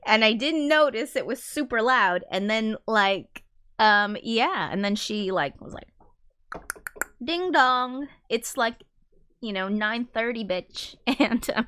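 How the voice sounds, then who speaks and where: A woman's voice: medium pitch, a little slow, a bit bright, smooth. A woman musician chatting casually to viewers on her live stream, rambling with lots of fillers and swearing and reading out viewer comments. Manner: reads viewer comments aloud.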